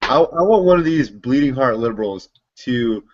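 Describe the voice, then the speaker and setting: A man in a political discussion talking in a lively, incredulous way and quick to laugh. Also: medium pitch. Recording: muffled lo-fi recording.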